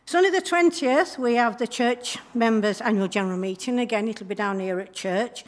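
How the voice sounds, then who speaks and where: A woman giving church notices and a talk during a service, chatty and friendly with frequent ums and throat clearing. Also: on the high side, moderate pace. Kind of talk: church notices and informal sermon.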